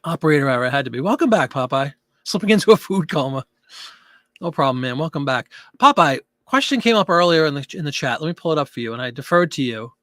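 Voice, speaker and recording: A man's voice: medium pitch, quick pace, hardly any pauses, bright, forceful tone, no room sound, studio quality. A man hosting a casual live stream, chatting loosely as he reads out viewer comments and answers them. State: out of breath.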